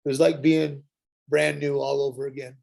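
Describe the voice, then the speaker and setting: A middle-aged man telling his personal recovery story at a workshop, earnest and halting, with frequent pauses and restarts. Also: mid-range voice, flat delivery, creaky, a little mellow. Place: Santa Fe.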